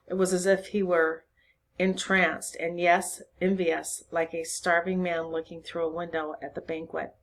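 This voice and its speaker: A woman reading a children's novel aloud to a class, narrating expressively and pausing to check the listeners understand. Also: fairly low pitch. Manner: expressive reading, voices for each character. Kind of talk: storybook read-aloud to a class.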